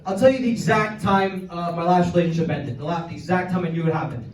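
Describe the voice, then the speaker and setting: A man's voice: high-pitched, quick pace, crowd noise. A young man in his twenties from Canada, doing a crude, rambling stand-up set full of fillers. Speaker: stand-up comedian. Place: comedy club stage. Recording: roomy club sound from far off. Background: audience laughter.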